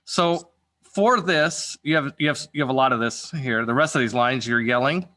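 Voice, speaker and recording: A man's voice: medium pitch, moderate pace, sharp tone. A man directing a voice-acting session in a casual, encouraging way, restarting his sentences often.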